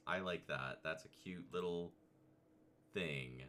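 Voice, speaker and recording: Low-voiced man chatting casually. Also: big pitch swings, normal speed, a bit bright. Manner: rambling, chatty, with playful asides. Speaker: vtuber host. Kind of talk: casual tier-list commentary.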